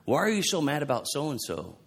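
A male pastor giving a fervent sermon, preaching loudly at close to a yell. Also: a little high, big pitch swings, a little fast, husky. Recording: long hall reverb.

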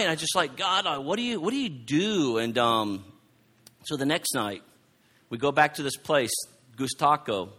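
A middle-aged man preaching a sermon, telling a personal story in a halting way, often repeating his words, and reading scripture aloud. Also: high voice, pushed and bright. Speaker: pastor.

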